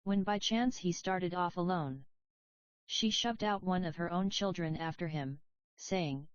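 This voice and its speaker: A woman narrating a children's legend in a calm, measured storybook reading, recorded with a dull lo-fi sound. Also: lowish voice, clear, resonant tone, no room sound. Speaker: audiobook narrator.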